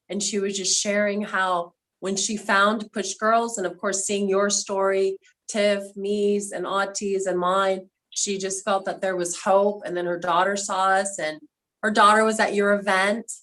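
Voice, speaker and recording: A woman hosting a cast reunion on a video call, sharing memories in a loose, heartfelt way. Her voice sits in a middle pitch, and she keeps drifting toward emotion as she talks. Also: level tone, unhurried, fairly bright tone, poor audio. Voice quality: quadriplegic speaker talking from a seated video call. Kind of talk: casual reunion chat.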